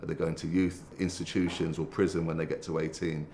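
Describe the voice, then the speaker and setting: A man's voice: rumbling low, level tone, a little fast, warm tone, slight background noise. A man who works with young people, explaining earnestly in a documentary interview. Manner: earnest, explanatory, some fillers.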